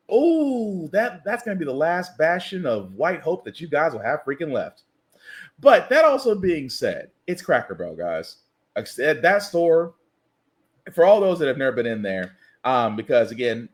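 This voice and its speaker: A man hosting a podcast, delivering a satirical news commentary monologue with incredulous, ranting comic asides. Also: on the high side. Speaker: podcast host. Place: lives in the US South.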